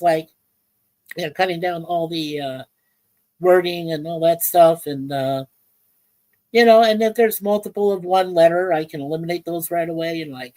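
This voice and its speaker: A woman hosts a casual livestream from home. She rambles in halting phrases full of fillers and greets chat viewers by name. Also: fairly low pitch, darkish tone, poor audio. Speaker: livestream host. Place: home in Ontario, Canada.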